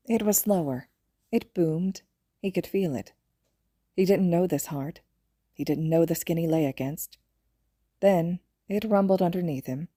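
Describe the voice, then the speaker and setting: A woman reads fan fiction aloud in a gentle, even storytelling voice. Her voice is low and mellow. The recording is close and dry. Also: no echo. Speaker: podfic reader.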